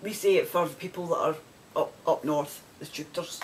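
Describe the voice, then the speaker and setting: A woman with a west of Scotland accent hosts her knitting podcast in easy, rambling chat. Her voice sits a little low, and she laughs often between asides. A faint hiss sits under the recording. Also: normal speed, darkish tone. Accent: West of Scotland Scottish. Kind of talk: casual chat.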